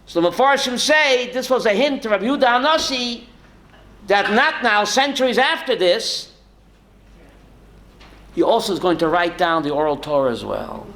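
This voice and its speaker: A male rabbi giving a lively Torah class, asking rhetorical questions and calling on listeners by name. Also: high-pitched, normal speed, pauses often, slight background noise. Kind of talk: Torah class to a live audience.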